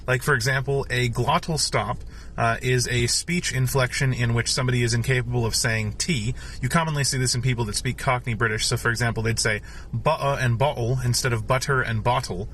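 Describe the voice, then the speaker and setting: A young man delivering a fast science explainer monologue to the camera, punchy and full of rhetorical questions. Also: mid-range voice, steady tone, a bit bright, slight background noise.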